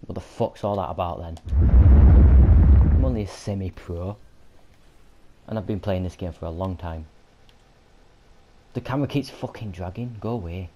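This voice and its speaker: A man's voice: deep voice, moderate pace, long pauses, heavy background noise. A man with a Yorkshire accent, commentating while he plays a video game and swearing through frequent angry outbursts. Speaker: gamer. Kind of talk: gaming commentary.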